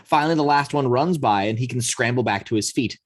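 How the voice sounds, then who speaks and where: A man narrating the action lines of a screenplay read-through in a steady storytelling manner. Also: medium pitch, a little fast, no echo. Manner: steady storytelling, occasional slips. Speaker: narrator reading action description.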